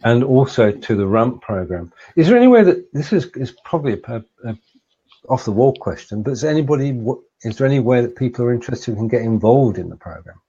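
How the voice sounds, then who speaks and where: Husky-voiced man hosting a stream. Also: medium pitch, a little fast, lo-fi sound. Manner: relaxed, reads viewer comments aloud. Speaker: live-stream host. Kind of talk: casual live-stream interview.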